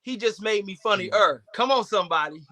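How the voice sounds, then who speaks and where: A man performing a stand-up comedy set as a guest, with animated, preacher-like call-outs to the audience. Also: high voice, a little fast.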